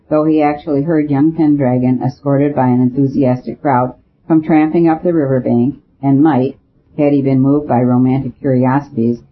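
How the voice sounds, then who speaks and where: A man reading an audiobook as narrator, with a steady, even storytelling delivery. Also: a little high, breathy edge. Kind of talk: scripted narration. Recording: tinny phone-like audio.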